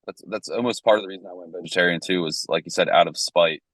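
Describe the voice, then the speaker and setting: A man's voice: sits low, quick pace, a bit bright, dry recording, low-quality recording. A man co-hosting a casual podcast, telling stories in a loose, profane way. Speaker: podcast co-host.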